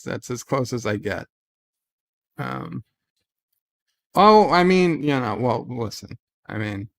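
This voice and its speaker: A man with a somewhat higher voice hosts a relaxed livestream and reads viewers' chat messages aloud. He talks in a rambling, chatty way, full of "uh"s and restarts, and responds to each comment as he goes. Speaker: livestream host. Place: at home in bed.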